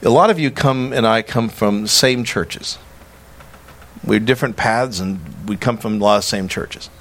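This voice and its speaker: A man preaching a sermon as a pastor, animated and emphatic, acting out quoted dialogue. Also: on the low side, unhurried.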